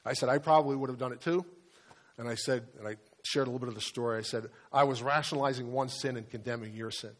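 A man's voice: mid-range voice, fairly even intonation, quick pace. A man, a pastor, preaching a sermon and telling a story in an earnest, confessional way, with frequent restarts. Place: church sanctuary.

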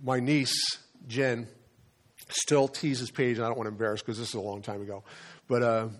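A middle-aged man preaches a sermon from the pulpit, speaking at a middle pitch. He delivers it conversationally, like he's telling a story to friends, and often repeats a word or two before pressing on. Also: little pitch movement, normal speed. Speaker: pastor.

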